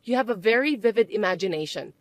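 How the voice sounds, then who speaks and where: A woman voicing a calm young businesswoman who answers in a cool, measured, dry way. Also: medium pitch, no echo, natural voice. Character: calm self-made businesswoman, young adult. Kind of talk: dramatized story dub.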